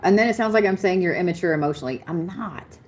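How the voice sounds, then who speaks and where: A woman's voice: fairly low pitch, quick pace, a little mellow, slight background noise. A young adult woman doing a live astrology reading, talking bluntly, swearing and laughing often as she speaks. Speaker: astrology reader. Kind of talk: live-stream chart reading.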